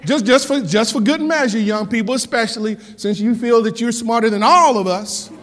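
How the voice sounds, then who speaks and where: A male pastor preaching a lively sermon, repeating lines for emphasis and laughing often. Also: extremely high pitch, normal speed. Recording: long hall reverb.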